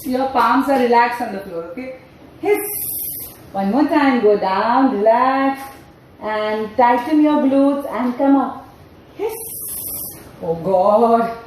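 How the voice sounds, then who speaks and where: A woman's voice: on the high side, measured pace, a little mellow, slight background noise. Playful woman leading yoga, echoey. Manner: playful, sing-song, coaxing. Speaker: mother-and-baby yoga trainer. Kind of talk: sing-along yoga class with a story. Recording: echoey room, far from the mic.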